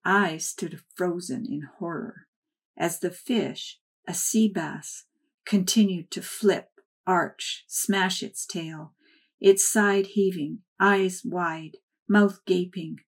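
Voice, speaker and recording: Low-voiced woman reading a memoir. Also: slow, breathy edge. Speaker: narrator. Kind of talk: first-person memoir read aloud.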